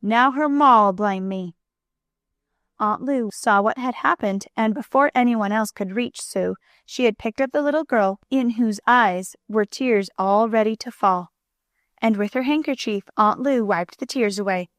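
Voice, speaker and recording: A woman narrating a children's storybook in a clear, even manner. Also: on the high side, normal speed, dry recording, clean studio sound. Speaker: audiobook narrator.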